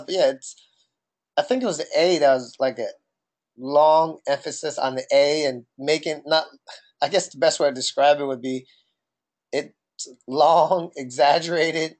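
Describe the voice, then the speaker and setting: Inquisitive New Jersey man, a bit higher. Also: a little mellow. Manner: questioning, tells anecdotes. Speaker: podcast co-host. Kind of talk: casual chat.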